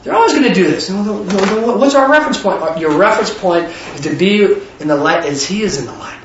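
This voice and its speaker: A man preaching a sermon in an animated way, with rhetorical questions and bursts of shouting. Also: high voice, fast talker. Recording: echoey hall, distant dull mic, faint noise.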